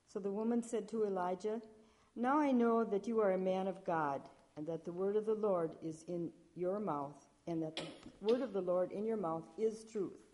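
Woman doing the church reading, mellow warm voice, steady pace, trips on a word now and then. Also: mid-range voice. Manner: measured, with small slips and restarts. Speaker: lector. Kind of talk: scripture reading at a church service.

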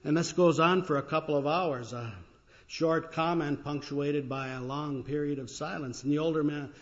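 A man's voice: fairly high pitch, steady tone. Man preaching a reflective sermon. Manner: reflective, unhurried storytelling with pauses and fillers. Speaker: pastor. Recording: dull lo-fi recording.

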